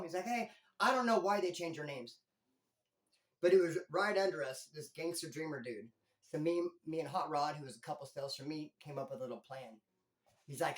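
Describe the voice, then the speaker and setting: A man casually telling a story from his time in prison, slangy and animated, jumping between loud emphasis and low asides. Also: brisk. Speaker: former inmate storyteller. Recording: roomy echo.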